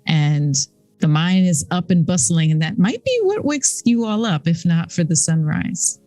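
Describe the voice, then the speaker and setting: Game master, woman, calm scene-setting narration, lowish pitch. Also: unhurried, no room sound, faint music behind.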